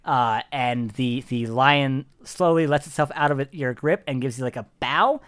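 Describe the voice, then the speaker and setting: A game master narrating a tabletop game in a giggly, rambling, animated way. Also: medium pitch, normal speed, clear, resonant tone.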